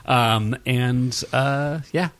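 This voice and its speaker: A man's voice: mid-range voice, very slow, fairly bright tone. Easygoing man podcast co-host. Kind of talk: casual pop culture chat.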